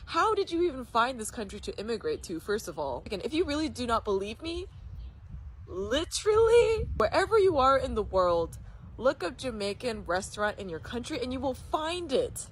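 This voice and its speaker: A woman with a slightly high voice makes mocking, sarcastic remarks in a social media clip. Faint background noise sits under her voice. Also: sing-song, normal speed.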